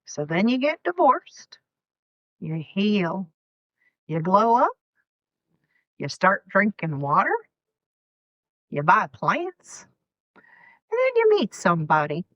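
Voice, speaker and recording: A woman's voice: mid-range voice, takes it slowly, long pauses, no echo, dull audio. Sarcastic Southern woman in her fifties. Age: 50s. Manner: sarcastic, animated storytelling with mock quotes. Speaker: podcast host. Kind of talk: sarcastic comedic monologue.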